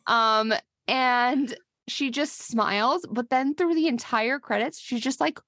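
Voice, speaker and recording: A woman's voice: fairly high pitch, takes it slowly, a bit bright, no room sound. Chatty podcast host woman, dry close sound. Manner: chatty, many fillers and restarts, acts out quotes. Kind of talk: casual chat recapping a film.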